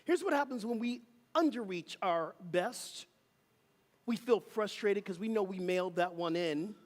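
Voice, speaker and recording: A minister delivers an emphatic, rhythmic sermon from a church sanctuary, leading the congregation in call and response. The voice sits at a middle pitch and carries a long, lingering reverb from the hall. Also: measured pace.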